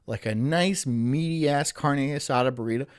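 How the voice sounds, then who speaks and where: A man's voice: medium pitch, moderate pace, smooth, no echo, studio quality. A man live streaming, rambling crudely with frequent swearing and laughter. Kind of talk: casual live-stream chat.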